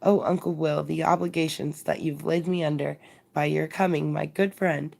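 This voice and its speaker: A woman's voice: sits low, steady tone, normal speed, vocal fry, a little mellow, full character voice. A woman reading the lines of a jolly elderly male porter, a fond father beside himself with joy. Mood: joyful. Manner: hearty, fond exclamations.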